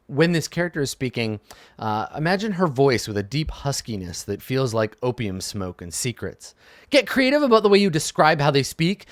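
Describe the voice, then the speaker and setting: Emphatic, lively middle-aged man host. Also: fairly high pitch, no room sound, studio quality. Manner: frank and emphatic, swears casually, ends points with "right?". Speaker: game master and show host. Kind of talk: advice monologue.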